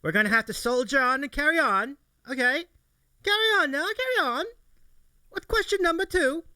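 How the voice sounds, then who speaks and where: A man's voice: very high voice, lively intonation, normal speed, pushed and bright, no room sound, voice pushed up, heavily acted. A man voicing a mock British documentary narrator in a clumsy, exaggerated put-on accent. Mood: blustering.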